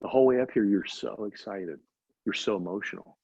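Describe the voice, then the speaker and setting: A man voicing a calm, wise old male mentor who speaks softly and gently. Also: fairly low pitch, fairly quick, gravelly, slightly rough, no room sound, lo-fi sound. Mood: gentle.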